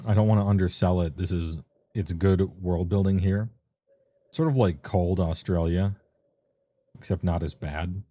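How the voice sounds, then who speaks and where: A man's voice: low voice, measured pace, long pauses, warm tone. A man streaming a casual, rambling rundown of tabletop game books, offhand and full of ums. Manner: loose and offhand, many ums, laughs at himself.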